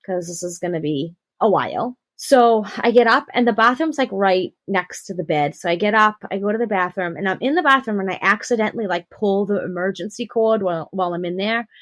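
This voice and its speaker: A young adult woman telling her personal birth story on a podcast, animated and acting out the quotes. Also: mid-range voice, fairly quick, few pauses, dry recording. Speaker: podcast guest.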